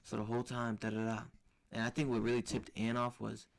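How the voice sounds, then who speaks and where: A man's voice: mid-range voice, monotone, fairly quick, vocal fry. A young man co-hosting a podcast and telling a story in a slangy, profane, rambling way. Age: young adult. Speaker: podcast co-host. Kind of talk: casual storytelling chat.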